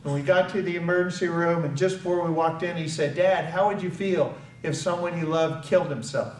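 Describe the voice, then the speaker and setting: A man's voice: a little high, fairly even intonation, fairly quick. An older man giving a public speech at an awareness event, telling a personal story and acting out the quoted dialogue with emphasis. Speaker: invited speaker at an awareness event. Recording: echoey hall, picked up from far off, faint background noise.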